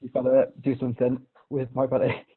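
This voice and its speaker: A man's voice: medium pitch, monotone, quick pace. Male interview host, friendly and upbeat, tinny phone-like sound. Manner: friendly, enthusiastic questioner. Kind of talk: casual interview chat. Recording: tinny phone-like video call audio.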